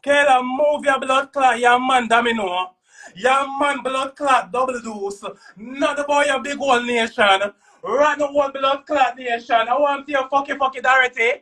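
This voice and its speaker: A man with a Jamaican accent ranting loudly on a live stream, cursing and repeating himself. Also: extremely high pitch, steady tone, measured pace, distant mic. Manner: loud, cursing, repetitive. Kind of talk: heated live-stream rant.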